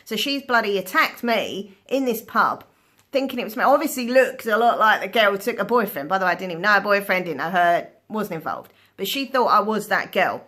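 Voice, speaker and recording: A woman's voice: mid-range voice, animated, brisk, bright, forceful tone. A woman chatting to her phone camera, telling stories animatedly, laughing often and swearing casually. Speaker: vlogger. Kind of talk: casual storytelling chat.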